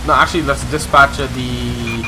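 A man's voice: medium pitch, noisy background. A young man hosting a game video who role-plays police radio calls between rambling asides and bursts of startled exclamations. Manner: excitable, exclaims loudly when startled; rambling, many filler pauses. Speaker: gaming channel host. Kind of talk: let's-play commentary with police radio role-play.

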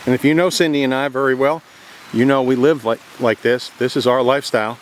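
With a medium-pitched, steady voice that runs a little fast, a real estate vlogger leads a casual, upbeat tour of a cabin beside a creek. He chats to the viewer while walking, whispering softly once indoors in the log cabin, and slight background noise is audible.

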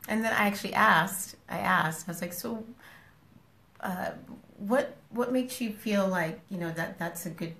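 A woman's voice: medium pitch, moderate pace, gravelly, pushed and bright, roomy sound. A woman talking casually and frankly to her followers on a live stream, scolding them with affection and repeating herself. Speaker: social media personality talking to followers.

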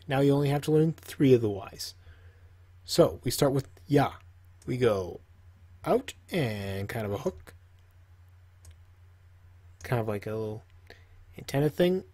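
Husky man teaching in a slow drawl. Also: mid-range voice, darkish tone. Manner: joking, talks to himself while drawing. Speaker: language teacher. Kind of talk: casual tutorial while drawing.

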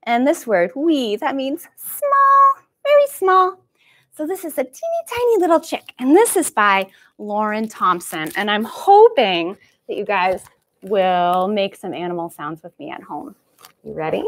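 Woman, children's librarian, high animated sing-song voice, slow and deliberate, camera mic across the room. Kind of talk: live-streamed baby storytime.

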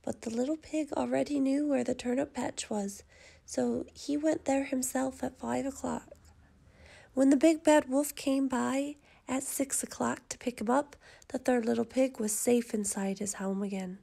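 Woman, storybook narration, high voice, gravelly texture, measured and expressive.

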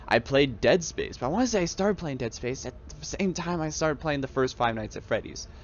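Fairly quick and lively, a young man with a medium-pitched voice rambles enthusiastically about the games he adores, often starting sentences over. He's a YouTube gamer recording a casual, reflective monologue on a headset, and the sound is lo-fi with slight background noise.

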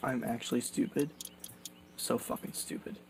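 A man's voice: medium pitch, fairly even intonation, normal speed, vocal fry. A young man commenting on his gameplay, exasperated and swearing often. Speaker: gaming streamer. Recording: faint background noise.

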